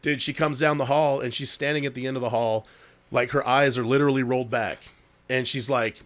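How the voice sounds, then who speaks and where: A man's voice: medium pitch, fairly even intonation, fairly quick, a bit bright. A man co-hosting a podcast, casually telling a ghost story full of swearing and "dude". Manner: laid-back, swears a lot, says "dude". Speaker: podcast co-host.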